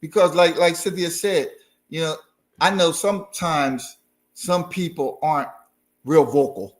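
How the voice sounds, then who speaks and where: An easygoing man co-hosting a talk show, his voice pitched a touch high. He agrees readily with his co-host. He gives calm, encouraging advice. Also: unhurried. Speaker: marriage podcast co-host. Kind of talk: casual chat.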